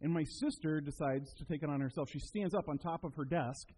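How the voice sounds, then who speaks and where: A man's voice: a little high, a little fast, slight background noise, poor audio. A man preaching a sermon to a congregation, telling stories and acting out quoted voices as he goes. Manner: animated storytelling, acts out quotes. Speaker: pastor.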